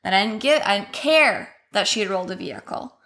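A bright-voiced young woman telling a personal story on a podcast, casual and blunt. Her speech is loose and profane, full of "um" and "like", with a clear, forward tone. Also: mid-range voice, animated, brisk. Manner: candid, profane, heavy filler words. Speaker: podcast guest.

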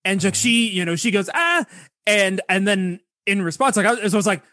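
A man's voice: high-pitched, fast talker, a bit bright, no room sound, clean studio sound. A man on a movie podcast telling a rambling anecdote full of "like". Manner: rambling, many fillers like "like". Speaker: podcast co-host.

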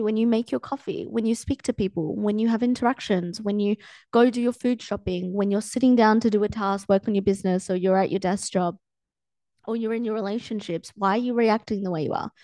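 A woman's voice: mid-range voice, fairly quick, mellow, dry recording. A young adult woman hosting her own coaching podcast, talking casually with lots of fillers and acting out quoted thoughts. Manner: chatty, filler-heavy, acts out quoted thoughts. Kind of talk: casual solo podcast talk.

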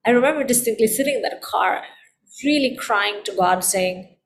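A woman's voice: mid-range voice, fairly quick, gravelly, slight background noise. A middle-aged woman, a guest in a conversation, telling a personal story in an earnest, heartfelt way and repeating phrases for emphasis.

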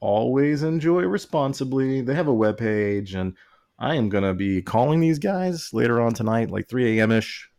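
A man's voice: medium pitch, normal speed, creaky, darkish tone. A man co-hosting a podcast in casual chat, joking and rambling, laughing often and reading labels aloud in mock seriousness. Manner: reads can labels aloud mockingly. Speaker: podcast co-host.

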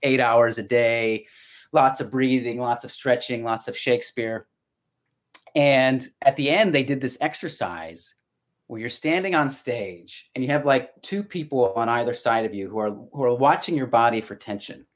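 A middle-aged man, a voice actor, speaks at medium pitch and normal speed in a casual podcast conversation where he's the guest. His manner is reflective and anecdotal, with frequent sentence restarts.

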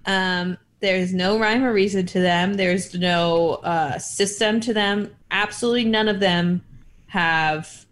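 A woman co-hosts a recap podcast with casual chat. She phrases things with wry, mock-formal care. Her voice sits at an ordinary middle pitch. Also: steady tone, slow pace, a bit bright. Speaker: podcast co-host.

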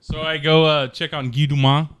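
A man's voice: fairly high pitch, flat delivery, moderate pace, fairly bright tone, clear, resonant tone. A man playing in a tabletop game, easygoing and trailing off with "uh.". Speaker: player. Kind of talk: casual tabletop play.

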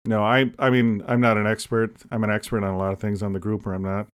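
A man co-hosting a casual comedy podcast, rambling through deadpan jokes and asides. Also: fairly low pitch, fast, smooth. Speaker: podcast co-host.

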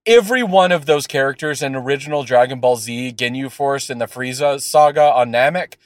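Talking a little fast in a mid-range voice, a man co-hosts a podcast with studio-quality, echo-free sound. His casual chat is animated and full of fillers and swearing as he rants.

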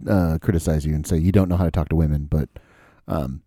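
A man's voice: extremely low pitch, steady tone, fast talker, warm tone, breathy edge, dry recording. A man co-hosting a casual chat, cutting in with dry, teasing questions and remarks. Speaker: podcast co-host.

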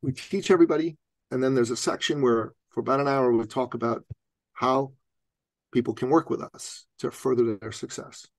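A man speaking as a podcast guest, telling a personal story in an animated way and laughing often as he goes. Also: mid-range voice, moderate pace, no room sound.

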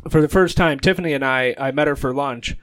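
A man in his thirties on a podcast, telling school stories casually, laughing loudly and acting out the voices. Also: mid-range voice, a little fast, clear, resonant tone, no room sound. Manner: animated storyteller who acts out quotes and laughs loudly. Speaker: podcast co-host. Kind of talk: casual chat, storytelling.

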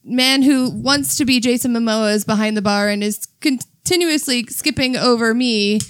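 A woman with a slightly high voice tells a meandering story in casual podcast chat, breaking into laughter often. The sound is dry and close, with no room around it. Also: moderate pace, no echo. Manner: laughs often, rambling anecdotes. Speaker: podcast co-host.

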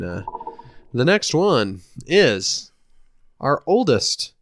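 Podcast guy, smooth clear voice, dry close sound, kinda hesitant as he rates shows. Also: mid-range voice, lively intonation, normal speed, fairly bright tone, no echo. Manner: hesitant, restarts while ranking shows. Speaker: podcast co-host. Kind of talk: casual chat.

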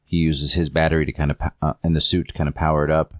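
A man with an extremely low, deep voice walks through a comic plot on a casual podcast. He talks in a halting way, with many ums and likes. The recording is dry and close. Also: level tone, no echo. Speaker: podcast co-host reviewing comics. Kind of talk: casual chat recapping a story.

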